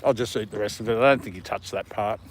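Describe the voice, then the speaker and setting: A man's voice: lowish voice, fast talker, a little hiss or hum. A man chatting casually on a live stream, talking to his dog and viewers and laughing often. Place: park outdoors in the evening.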